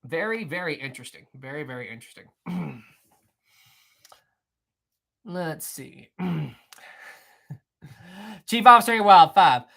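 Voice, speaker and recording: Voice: medium pitch, expressive, takes it slowly, creaky, long pauses, bright, forceful tone. A live-stream host chatting casually and answering the chat, often repeating phrases.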